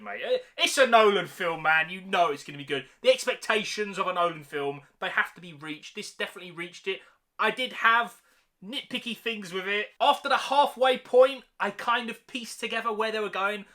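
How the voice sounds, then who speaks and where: Young male vlogger, high and sharply bright voice, slangy enthusiastic reviewer. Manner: enthusiastic slangy chatter, calls listeners mate. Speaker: movie reviewer. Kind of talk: casual film review.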